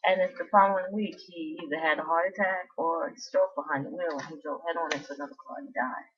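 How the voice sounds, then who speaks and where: A low-voiced woman talks casually to her viewers and drifts from one aside to the next. Her voice is husky. The recording sounds dull and lo-fi. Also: fairly even intonation, fast, fairly bright tone. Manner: meandering storytelling with many asides and restarts. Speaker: vlogger. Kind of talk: casual rambling chat.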